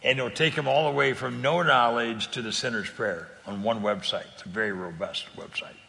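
A man's voice: medium pitch, normal speed, vocal fry, pushed and bright, long reverb tail. An older man from California telling faith stories in an earnest, conversational way, often repeating words and laughing easily. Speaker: guest speaker on faith sharing. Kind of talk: conversational testimony.

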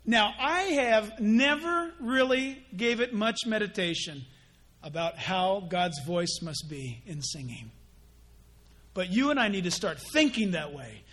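A male pastor preaching a sermon in an animated way, acting out mock dialogues. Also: sits high, a little slow.

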